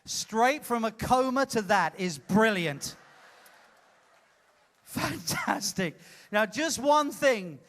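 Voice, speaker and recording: A man hosting a live comedy show, teasing an audience member in a playful, loud way. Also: high voice, expressive, takes it slowly. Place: cruise ship theater stage.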